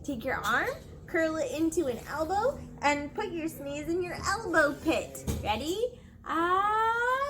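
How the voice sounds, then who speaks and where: Animated sing-song woman reading to kids. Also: sits high, measured pace, soft background music. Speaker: storyteller. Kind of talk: children's story time read-aloud.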